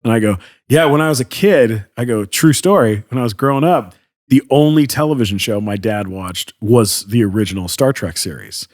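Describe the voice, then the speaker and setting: Man from canada, podcast guest, animated storytelling, lots of fillers, lively pitch. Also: normal speed. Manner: animated storyteller acting out quotes, many fillers. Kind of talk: casual anecdote telling.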